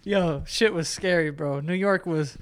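A man's voice: a little high, a little slow, a little hiss or hum. A young man co-hosting a podcast in casual, slangy chat, laughing along. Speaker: podcast co-host.

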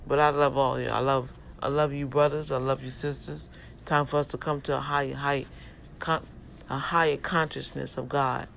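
A man's voice: mid-range voice, level tone, normal speed, vocal fry, a bit bright, slight background noise. A man in a casual, sermon-like rant to his viewers, emphatic and folksy, urging them toward God. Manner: talks directly to viewers, folksy. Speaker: vlogger and self-publisher. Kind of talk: casual preachy rant to camera.

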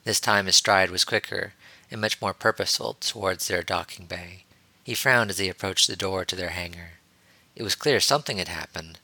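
A man reading a story aloud as narrator, in a steady, even storytelling manner. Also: sits low, moderate pace, no echo. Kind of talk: audiobook reading of fan fiction.

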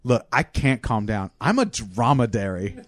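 A man's voice: very animated, normal speed, dry recording, natural voice. A man voicing an irritable male camel jail guard who rants in exasperation. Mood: flustered. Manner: exasperated, ranting, rising to shrill.

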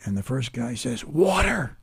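A man in his seventies explaining humor in conversation and telling a joke slowly, step by step, with pauses. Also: a little high. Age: 70s. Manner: animated, builds jokes slowly with pauses.

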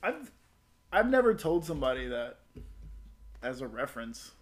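A young man trading crude jokes among friends, voice pitched in the middle of the male range. He acts out both sides of the stories he tells. Faint noise and small clicks sit behind him. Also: sing-song, normal speed. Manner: crude, joking storyteller, acts out quoted exchanges. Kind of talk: casual podcast banter.

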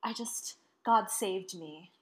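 A woman's voice: mid-range voice, slow pace. A young woman in her twenties telling a story in casual chat, swearing freely and acting out what people said. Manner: animated, swearing, acts out quotes.

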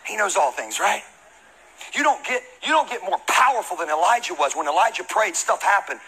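A man who is a pastor, giving a humorous, conversational sermon and shouting out Bible readings. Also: high voice, big pitch swings, a little fast, slight background noise, low-quality recording.

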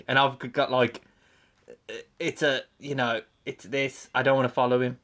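A man's voice: mid-range voice, little pitch movement, moderate pace, sharp tone. Nervous, stammering male co-host; mid-range voice, self-deprecating. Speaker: podcast co-host. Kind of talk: casual podcast chat.

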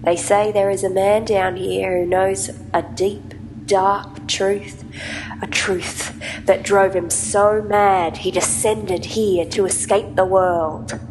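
A woman in a comedy show, telling a spooky legend in a hushed, dramatic way. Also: mid-range voice, fairly even intonation, slow, noisy background. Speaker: comedy podcast host. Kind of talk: comic storytelling.

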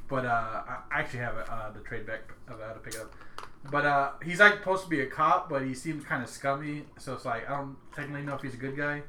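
A man's voice: medium pitch, fast, pushed and bright, echoey room, a little hiss or hum. A man co-hosting a podcast in casual chat, rambling with many restarts and frequent laughs. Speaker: podcast co-host. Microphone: podcast mic.

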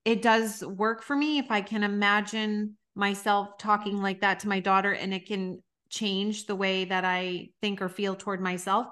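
A woman's voice: medium pitch, flat delivery, normal speed, few pauses, fairly bright tone, clean tone. A middle-aged woman hosting a podcast, talking frankly and emphatically, with the odd mild swear. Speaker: podcast host and coach. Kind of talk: conversational podcast talk.

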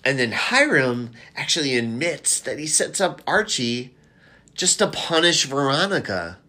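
A man chatting casually as a podcast co-host, animated and quick to act out characters' lines. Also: mid-range voice. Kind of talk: casual chat recapping a TV episode.

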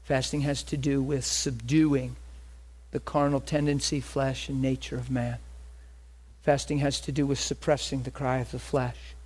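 A man preaching a sermon, animated, with quick asides and rhetorical questions. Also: mid-range voice, breathy edge. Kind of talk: sermon with storytelling.

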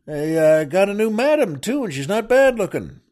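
A cheeky, bawdy male pet parrot, played by a man in a spoken joke. He tosses off his lines casually, in a voice a little higher than the teller's own, without much of a put-on. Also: sing-song, moderate pace, a little mellow.

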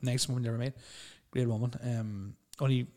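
A man's voice: mid-range voice, fairly even intonation, darkish tone. A young man with a Northern Irish accent chatting casually, telling stories, swearing freely and sometimes stumbling over words. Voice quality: stutters at times. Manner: storytelling, swears freely, quick laughs, mimics others. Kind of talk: casual chat.

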